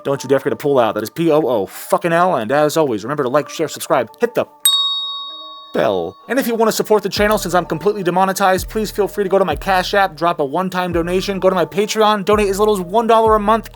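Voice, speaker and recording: A man's voice: sits high, fast. Profane, heated male vlogger. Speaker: commentary channel host. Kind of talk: ranting news commentary vlog.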